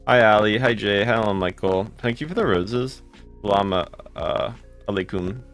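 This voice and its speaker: A man live streaming a game, rattling off quick greetings and answering chat comments in casual talk. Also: fairly low pitch, fairly bright tone, soft background music. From United States.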